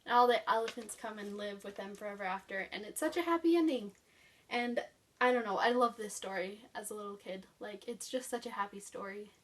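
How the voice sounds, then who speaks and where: A book vlogger's mid-range, fairly bright voice carries from a distance as she talks fairly quickly about beloved books from her childhood. Her intonation stays fairly even, though the chat is loose, enthusiastic and full of fillers.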